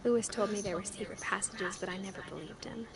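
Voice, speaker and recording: An actress playing a young woman who narrates her return to her family home in a quiet, wistful way. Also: medium pitch, brisk, a crowd in the background, lightly acted. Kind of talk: game narration. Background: loud game music.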